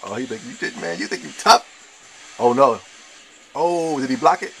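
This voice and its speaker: A young man giving live gameplay commentary, trash-talking his opponents with slang and an excitable manner. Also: medium pitch, normal speed, a little hiss or hum. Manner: excitable trash talk with slang, shouts and laughs. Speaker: gamer playing online.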